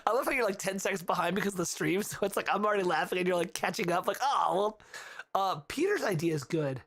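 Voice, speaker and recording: A man hosting a casual livestream, giving animated feedback on music and often humming the melodies aloud. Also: high voice, rapid-fire. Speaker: livestream host reviewing music compositions.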